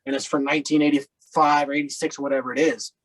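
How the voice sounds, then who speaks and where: A man's voice: a little high, little pitch movement, quick pace, fairly bright tone, low-quality recording. A man from Colorado telling his personal story as an interview guest, loose and rambling with lots of fillers.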